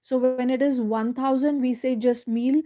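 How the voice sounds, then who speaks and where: A woman teaching French in a live online lesson, going slowly step by step, repeating words and checking in with "right?". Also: high voice, fairly even intonation.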